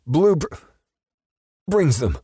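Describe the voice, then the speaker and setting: A man's voice: on the high side, very animated, slow pace, a bit bright, breathy edge, no room sound, studio quality, pitched above the performer's own voice, full character voice. A man voicing a frightened young male captive who stammers and pleads, in an audiobook. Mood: terrified.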